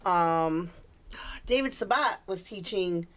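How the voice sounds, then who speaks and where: A woman's voice: lowish voice, lively intonation, takes it slowly, a bit bright. A woman co-hosting a casual podcast, chatting with a guest and greeting viewers by name, with frequent fillers. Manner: friendly, chatty, hesitant with fillers. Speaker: podcast co-host.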